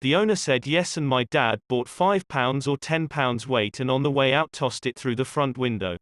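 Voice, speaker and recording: A man hosting a channel and narrating stories in a scripted, even read-aloud delivery. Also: mid-range voice, moderate pace, dry recording. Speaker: channel host and story narrator.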